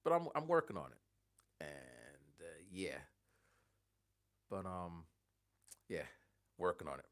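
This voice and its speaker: A man in his forties chatting casually on a livestream, rambling and halting, thinking aloud with many restarts. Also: low voice, wildly swooping pitch. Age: 40s.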